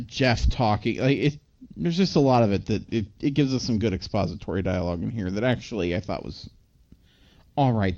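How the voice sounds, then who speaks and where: A man's voice: on the low side, a little mellow, muffled recording. A man co-hosting a podcast, recapping a movie in casual chat, rambling with lots of filler words. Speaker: podcast co-host.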